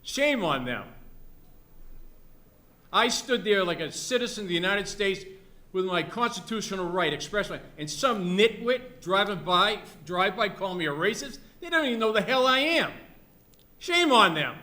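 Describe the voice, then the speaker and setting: A man's voice: high-pitched, expressive, normal speed, bright, forceful tone. A man giving an impassioned, repetitive public comment at a town meeting, scolding and patriotic.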